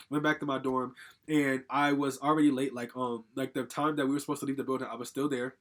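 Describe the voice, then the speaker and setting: A young man from Connecticut tells a personal story fast, in a fairly high, steady, somewhat bright voice. The storytime vlogger rambles casually, swearing and filling his speech with "like."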